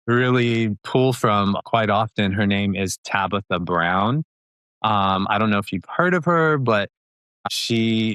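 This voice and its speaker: A man in his thirties, an upbeat and chatty interview guest who talks quickly with many fillers and laughs. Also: on the low side, a bit bright, no echo. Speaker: podcast guest. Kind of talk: casual interview talk.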